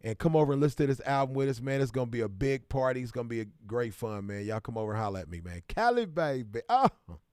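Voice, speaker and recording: A Midwestern man chats loosely on a livestream at an average pitch, calling out viewers by name and jumping into hyped greetings. His voice sounds close and dry, with no room echo. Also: very animated, quick pace, few pauses, a little mellow, clear, resonant tone. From Kansas City, American Midwest. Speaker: livestream host. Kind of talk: casual livestream chat.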